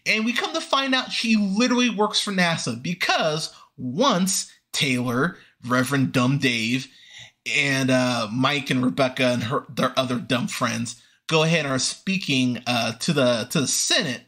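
A man's voice: fairly high pitch, pushed and bright. A young man hosting a movie review podcast, ranting with sarcasm and profanity about a film he disliked.

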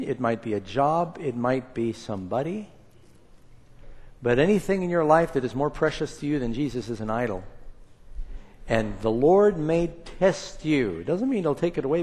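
A man preaching a sermon and reading scripture aloud, with an emphatic delivery that swings between hushed and loud. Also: medium pitch. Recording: long reverb of a large hall.

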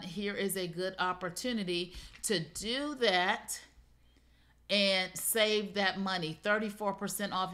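A middle-aged woman hosts a live online sale, joking with viewers between price callouts. Her voice sits at an ordinary middle pitch. She keeps it loose, playful and conversational. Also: a bit bright. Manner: playful, talks straight to viewers. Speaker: live shopping show host. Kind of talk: live product pitch, chatty.

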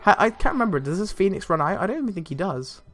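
Excitable young man gaming, swearing freely. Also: high-pitched, fast talker. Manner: excitable, swears a lot, laughs often. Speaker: let's play gamer. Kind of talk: casual gameplay commentary. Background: faint game music.

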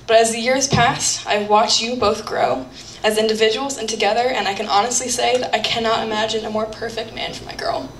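A woman's voice: on the high side, fairly even intonation, brisk. Young woman giving a heartfelt wedding toast. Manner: heartfelt, earnest, reads a prepared toast. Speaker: maid of honor giving a toast. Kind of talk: wedding reception speech. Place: wedding reception hall. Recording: roomy, distant, faint background noise.

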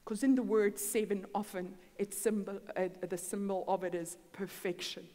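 A woman's voice: mid-range voice, fairly even intonation, normal speed, hardly any pauses, dark tone. A woman preaching a storytelling sermon in a church hall, acting out the dialogue in her stories. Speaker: guest preacher. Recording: long church-hall reverb.

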